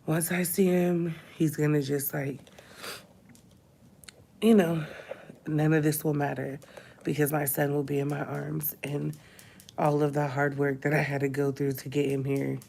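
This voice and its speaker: A woman's voice: low voice, little pitch movement, measured pace, creaky, long pauses, warm tone, a little hiss or hum. A woman in her thirties crying as she talks in a confessional vlog, her voice breaking into whispers and sighs. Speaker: vlogger. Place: hospital room.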